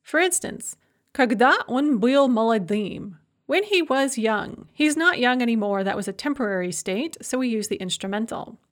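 A woman giving a recorded language lecture, explaining grammar clearly and reading example sentences aloud. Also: a little high, lively intonation, moderate pace, hardly any pauses.

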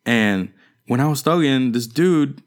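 A young man in casual chat, telling stories in an animated way with lots of slang and swearing. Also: medium pitch, a little slow. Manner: animated storytelling with slangy, profane delivery.

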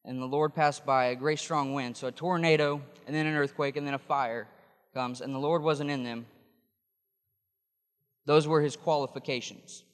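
A man's voice: medium pitch, steady tone, normal speed, smooth, long reverb tail. A man preaching a sermon, explaining scripture in a conversational way with frequent restarts. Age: adult.

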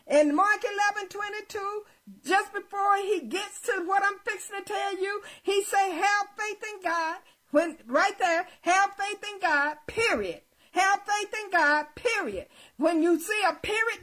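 High-voiced fervent woman preacher. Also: a bit bright. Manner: fervent preaching, repeats and drills key words; calls to the congregation with questions. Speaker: pastor. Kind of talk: sermon. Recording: radio broadcast.

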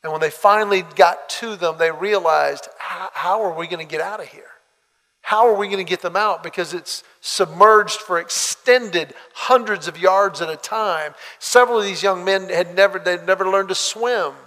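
A man preaching a sermon, telling a story with lively acted-out dialogue. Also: high voice, moderate pace, big-room sound. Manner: animated storytelling, acts out quoted dialogue.

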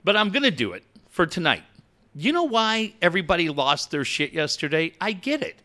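A man's voice: sits high, sing-song, a little fast, sharp tone. A man co-hosting a casual sports podcast, profane and boisterous as he rants animatedly.

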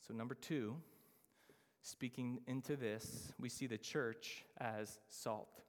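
A man preaching a sermon as pastor, emphatic, slowing down to stress key phrases. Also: medium pitch, steady tone, long reverb tail.

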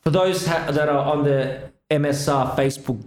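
A man's voice: on the high side, fairly even intonation, darkish tone. A young man co-hosting a podcast, chatting casually with teasing jokes and plenty of swearing. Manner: joking, swearing, quick teasing banter. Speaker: podcast co-host. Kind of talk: casual chat. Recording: echoey room.

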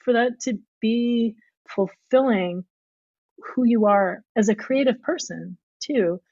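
A woman's voice: on the high side, slow pace, a little mellow, dry recording, dull audio. A woman speaking as a guest, thinking aloud carefully and often restarting her sentences. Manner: thoughtful, searching, frequent restarts. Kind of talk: reflective conversation.

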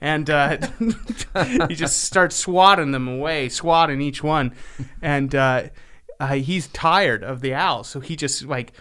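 A man co-hosting a podcast, telling an improvised comic story in a rambling, halting way. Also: fairly high pitch, a bit bright. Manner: rambling, halting, with frequent laughs. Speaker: podcast co-host.

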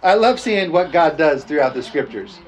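A man's voice: fairly high pitch, animated, normal speed. A man preaching a storytelling sermon in a folksy, laughing way, often tossing "amen?" to the congregation.

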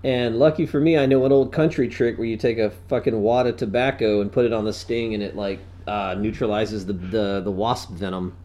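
A man's voice: fairly low pitch, steady tone, fairly quick, few pauses, dark tone. A young man from North Carolina telling rambling stories in casual chat. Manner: rambling storyteller, acts out family members.

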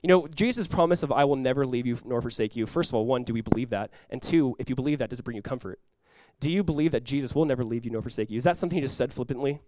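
Animated preaching man, dry close sound. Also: medium pitch, racing, hardly any pauses, no room sound. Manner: animated preaching, acting out dialogue with sudden loud outbursts. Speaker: pastor. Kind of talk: sermon.

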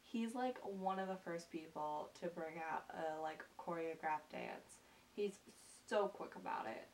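A young woman talks casually to her viewers in an earnest, gushing way, circling back with ums and repeated words. Her voice sits a little low for a woman. She is recorded from some distance from the mic, and a faint hiss runs underneath. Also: animated, measured pace. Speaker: vlogger. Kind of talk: casual chat to camera.

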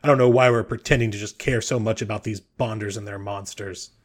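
A man voicing a cranky, bigoted old male ex-guard in a tabletop game, gruff and quick to shout accusations. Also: on the low side, fairly even intonation, natural voice. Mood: indignant.

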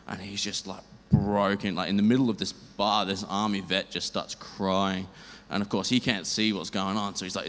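A man sharing a church testimony, rambling and lively, acting out the dialogue. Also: fairly low pitch, a little fast. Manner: rambling, animated, acts out dialogue. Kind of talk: storytelling testimony. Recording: reverberant hall, faint noise.

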